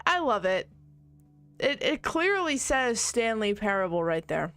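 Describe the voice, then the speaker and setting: A woman's voice: on the high side, expressive, unhurried, fairly bright tone, clear, resonant tone, faint music behind. A young woman streamer chatting casually while playing a game, reading on-screen text aloud and bursting into laughing shrieks. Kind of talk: casual gameplay commentary.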